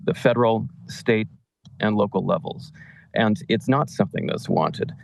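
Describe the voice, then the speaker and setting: A man's voice: lowish voice, creaky, no echo. Impassioned man giving public comment. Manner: impassioned, repetitive, halting restarts. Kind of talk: public comment at a county meeting.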